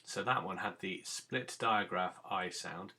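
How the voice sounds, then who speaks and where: Slow-paced, bright-voiced male phonics teacher. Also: low voice. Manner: slow, patient instructions to young pupils. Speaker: primary school teacher. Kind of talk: recorded phonics lesson for children.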